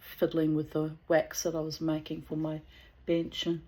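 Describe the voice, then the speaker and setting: A woman, an author telling personal stories in a chatty, digressive, animated way. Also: low voice, normal speed, poor audio. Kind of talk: casual storytelling with asides.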